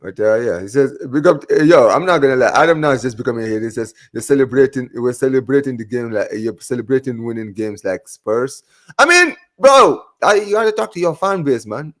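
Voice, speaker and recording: Hosting a casual live-stream watch-along for a football match, a man with a mid-range, slightly bright voice talks briskly and animatedly. He reads out viewer comments, banters with his co-hosts, and says "man" and "bro" a lot.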